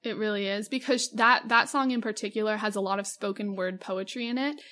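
A woman's voice: mid-range voice, steady tone, fairly quick, bright, forceful tone. A young woman co-hosting a casual podcast, talking in a gushing, enthusiastic way with lots of fillers. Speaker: podcast co-host. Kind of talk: casual chat.

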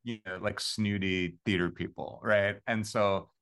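A man with a somewhat low voice tells a story in a casual interview. He rambles, circles back, and leans on fillers and quick restarts. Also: fairly even intonation, fairly bright tone, smooth. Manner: rambling, many fillers and restarts, laughs often. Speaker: composer and podcast guest.

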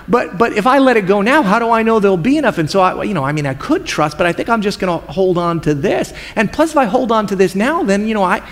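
A man's voice: high voice, lively intonation, quick pace, few pauses. A pastor putting on a fretful, hoarding rich man. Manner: rambling, stammering self-talk. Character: greedy rich man planning bigger barns, anxious and hoarding. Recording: long hall reverb.

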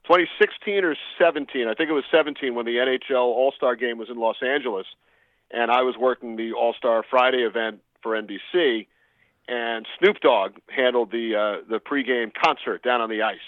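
A man, a sports broadcaster being interviewed, telling stories in a measured way with many pauses. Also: medium pitch, dry recording. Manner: measured storytelling with frequent "uh" pauses. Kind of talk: casual interview answers. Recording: tinny phone line.

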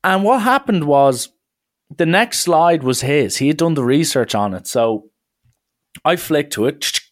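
A young man, casually telling a story from his college days in a lively, chatty way full of filler words. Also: on the high side, measured pace.

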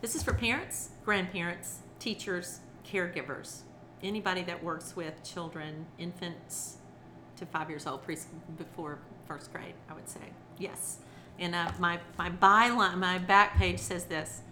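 A middle-aged woman, author and children's entertainer, speaks a little slowly in a lowish voice while recounting expressive stories in conversation. She dramatizes quotes and laughs often, against a noisy background.

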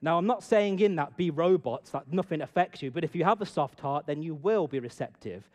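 Lively man telling a story. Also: fairly high pitch, a little fast. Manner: animated, swings from loud bursts to hushed asides. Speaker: speaker addressing an audience. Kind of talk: storytelling talk with a moral.

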